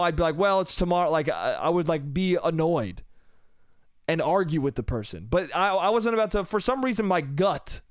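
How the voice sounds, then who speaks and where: Young guy ranting on his podcast, high voice, super dry close mic, swears a lot, does voices of people. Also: clean tone, no echo. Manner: profane, exasperated storytelling, mimics people in quoted bits. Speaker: podcast host. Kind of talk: solo comedic rant.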